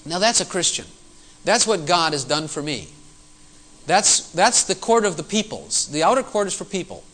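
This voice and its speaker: A male pastor preaching a sermon to his congregation, animated and full of rhetorical questions. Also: high-pitched, low-quality recording.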